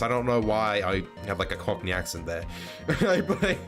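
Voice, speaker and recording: A man's voice: fairly low pitch, very animated, moderate pace, over music. A young man giving casual let's play commentary, laughing and rambling with frequent stumbles as he reads the game's dialogue aloud.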